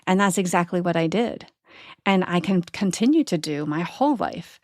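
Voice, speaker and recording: A woman's voice: on the low side, animated, normal speed, a little mellow, no echo, studio quality. Earnest woman telling a personal story. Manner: earnest, reflective, frequent "right?" asides and laughs. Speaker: podcast host.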